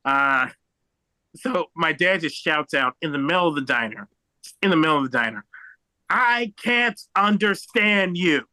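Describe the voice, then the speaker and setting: A young American man doing a stand-up set over a video call, halting and rambling with many fillers and restarts. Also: a little high, sharp tone, no room sound, poor audio. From United States. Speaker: stand-up comedian.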